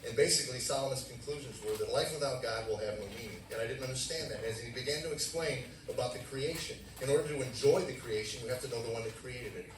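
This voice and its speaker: A man in his forties tells his testimony from the pulpit, acting out old conversations and jumping into sudden loud bursts. He talks fast, in a voice of middle pitch. The sound is roomy and echoey, picked up from some distance. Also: noisy background. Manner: animated storytelling, acting out dialogue with sudden loud outbursts. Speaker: preacher giving testimony. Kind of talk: sermon testimony. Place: church sanctuary. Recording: echoey room, mic at a distance.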